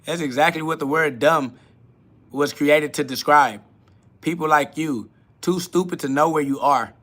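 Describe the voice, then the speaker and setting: A man's voice: fairly high pitch, moderate pace, a bit bright. A man hosting a live solo podcast, reading chat questions aloud and answering them bluntly, mocking the askers and laughing often. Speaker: podcast host.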